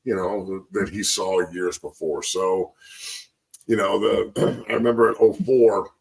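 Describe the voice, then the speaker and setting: Low gravelly man, reflective sports talk. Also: steady tone, a little slow, far from the mic, rough recording. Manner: rambling, reflective, with fillers. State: choked up. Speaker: sports show host, former player.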